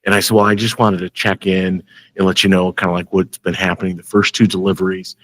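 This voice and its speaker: A man from Michigan hosting a casual school podcast, telling animated stories and laughing often. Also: low voice, fast talker. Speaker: school superintendent and podcast host.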